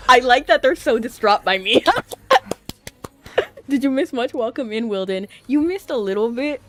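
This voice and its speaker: A woman streaming a game, chatting excitably and laughing often as she reacts to it. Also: a little high, a little slow, pauses often. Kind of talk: casual gameplay commentary.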